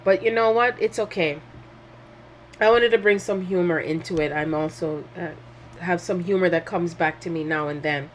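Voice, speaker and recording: A woman's voice: mid-range voice, a little hiss or hum. A woman giving a casual spiritual talk in a heartfelt, rambling way, full of fillers and restarts, with sudden jumps in her voice. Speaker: spiritual teacher.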